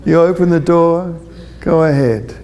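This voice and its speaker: A man's voice: a little high, measured pace, noisy background. A man giving a public talk to parents as a parenting consultant, chatty and joking, often checking in with his audience.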